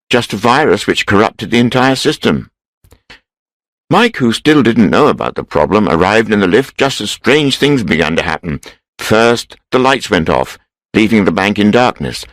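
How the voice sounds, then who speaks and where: A man reading a story aloud in a steady, measured way for English learners. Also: lowish voice, no echo, rough recording. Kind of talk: scripted storybook narration.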